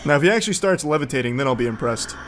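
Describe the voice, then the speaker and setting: A man's voice: medium pitch, animated, racing, background noise. A man in his thirties giving casual, sarcastic reaction commentary, swearing freely and mocking what he watches.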